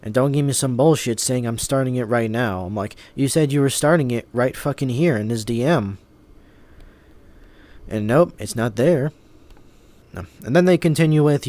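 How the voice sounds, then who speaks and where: A man's voice: mid-range voice, a little slow, pauses often, darkish tone, no room sound. A young man telling a storytime about being scammed, indignant and swearing, with many fillers and restarts. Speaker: vlogger. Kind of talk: angry storytime rant.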